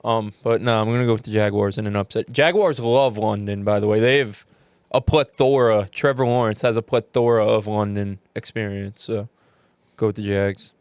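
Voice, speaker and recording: A man's voice: fairly low pitch, fairly even intonation, normal speed, darkish tone, clear, resonant tone, dry recording, clean studio sound. A man co-hosting a casual sports podcast, blunt and profane in his picks. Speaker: podcast co-host.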